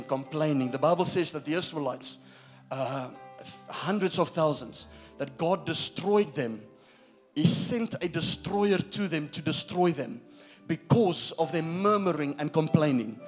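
Male pastor, higher-pitched, emphatic preacher who engages the room, faint music bed. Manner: emphatic preaching that checks in with the congregation. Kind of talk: sermon.

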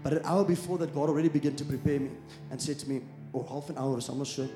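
A man preaching a sermon as pastor, shifting from quiet storytelling to loud calls to the congregation. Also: mid-range voice, fairly even intonation, rapid-fire, echoey room, over music.

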